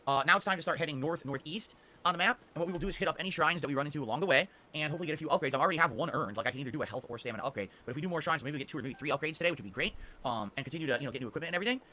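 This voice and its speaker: A male game streamer talks through his week's plans at a rapid clip, tacking "okay?" onto his points. His voice is bright and forceful, sitting a little high for a man, with a faint ambient hiss behind it. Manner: upbeat, rambling, often ends with "okay?". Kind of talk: casual stream schedule rundown.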